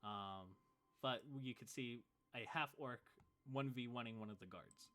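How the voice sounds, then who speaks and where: A man's voice: mid-range voice, unhurried, fairly bright tone. A man narrating as game master of a tabletop game, in a casual way with fillers.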